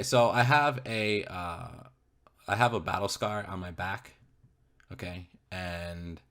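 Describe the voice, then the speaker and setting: A man's voice: low-pitched, a bit bright. A man telling a personal story to an interviewer, repeating himself, swearing heavily and constantly checking in with "okay?". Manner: repetitive, keeps checking in with "okay?"; emphatic, heavy swearing.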